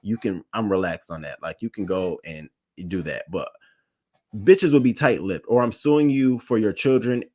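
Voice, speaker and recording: A man's voice: lowish voice, moderate pace, a little mellow. A man hosting a celebrity news show, giving blunt, opinionated commentary and reading his live chat, swearing freely and repeating points for emphasis.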